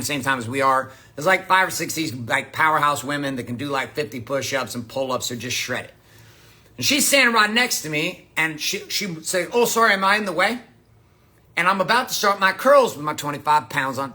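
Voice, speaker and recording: Blunt, bright-voiced male motivational speaker. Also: fairly high pitch. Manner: blunt, profane, emphatic. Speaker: motivational coach. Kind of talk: motivational monologue.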